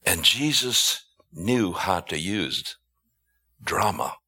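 A man preaching a sermon, emphatic, with rhetorical questions and drawn-out stressed words. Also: low-pitched, animated, pushed and bright, slightly rough.

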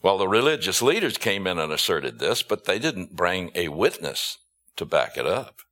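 A man preaching a sermon, emphatic, with rhetorical questions and drawn-out stressed words. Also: deep voice, big pitch swings, pushed and bright.

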